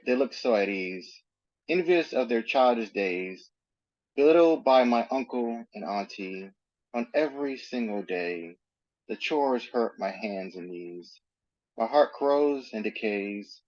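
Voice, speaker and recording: A man reciting rhyming spoken word poetry in a rhythmic, measured delivery. The sound is dry and close, and the online call audio comes through dull and lo-fi. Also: on the low side, darkish tone, no echo. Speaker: performing poet. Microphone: video call.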